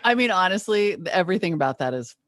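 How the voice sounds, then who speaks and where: A woman co-hosting a podcast, chatting casually and laughing easily. Her voice swings high when she gets excited. The sound is dry and close, with no room around it. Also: no echo. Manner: animated, laughs often, quick pitch jumps. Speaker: podcast co-host. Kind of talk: casual chat. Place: home studio.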